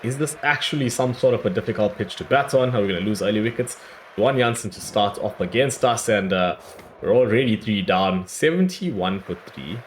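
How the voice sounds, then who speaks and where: A man with a hoarse, worn-out voice giving chatty play-by-play commentary on his own cricket video game, breaking into excited cries at big moments. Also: on the low side, slight background noise. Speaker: gaming YouTuber. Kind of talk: casual play-by-play gameplay commentary.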